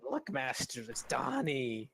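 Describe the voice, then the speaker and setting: A man voicing a small male goblin captive in a tabletop game, slow and pleading. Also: medium pitch, wildly swooping pitch, vocal fry, a bit bright, a little hiss or hum, exaggerated voice.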